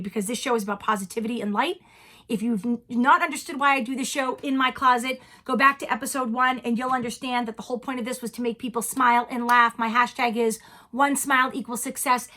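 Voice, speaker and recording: A woman, hosting a chatty personal vlog from her home closet and talking straight into the camera in an animated, theatrical way. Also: a little high. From New England. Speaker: vlog host.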